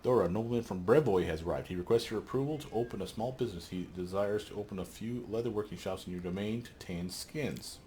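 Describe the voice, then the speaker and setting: A man's voice: fairly low pitch, fast talker, hardly any pauses, darkish tone, a little hiss or hum, natural voice. A man reading aloud a regent's formal advice from a game, in a fairly plain voice. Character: regent advising a ruler.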